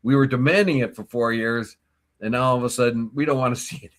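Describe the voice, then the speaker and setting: A man co-hosting a morning talk show, telling stories and giving opinions in a casual, animated way. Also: medium pitch, quick pace. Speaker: co-host. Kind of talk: casual chat.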